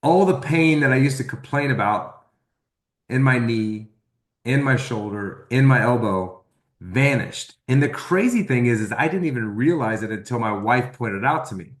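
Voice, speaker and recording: A man telling a personal testimonial story, acting out the dialogue he quotes in an animated way. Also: mid-range voice, moderate pace, echoey room. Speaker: testimonial speaker.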